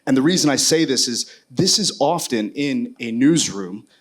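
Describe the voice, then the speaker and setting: Guy on a panel telling a war reporting story, casual and candid, lots of likes and ums, middle pitch. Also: expressive, moderate pace. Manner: casual, candid, with many fillers and restarts.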